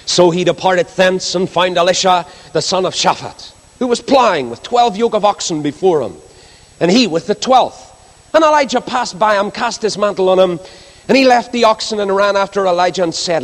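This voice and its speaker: A man preaching a sermon, reading scripture aloud with expressive emphasis and asides to the congregation. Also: high voice, normal speed. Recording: long hall reverb.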